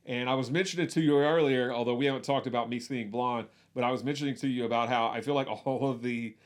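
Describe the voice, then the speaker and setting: A man's voice: mid-range voice, fairly even intonation, quick pace. Rambling man co-hosting a movie podcast. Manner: rambling, repeats words, frequent restarts. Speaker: podcast co-host. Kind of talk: casual movie discussion.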